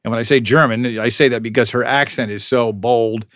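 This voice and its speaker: A police public information officer, middle-aged, is the guest in a storytelling interview. He relays long anecdotes with dry humor, often restarting his sentences, in a mid-range, fairly bright voice that's fairly quick and fairly even in intonation, with no room sound.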